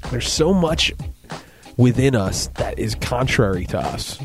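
A man's voice: mid-range voice, animated, measured pace, music in the background. A man co-hosting a faith radio show in casual, rambling talk, full of asides and jokes. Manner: rambling, joking, lots of "you know".

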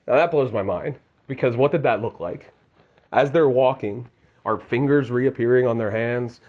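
A man with a husky, somewhat breathy voice delivers casual devotional teaching, earnest and chatty, often circling back to restart a thought. His pitch sits in an ordinary middle register. The recording sounds a little dull and muffled. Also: normal speed. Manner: earnest and conversational, many restarts. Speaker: preacher.

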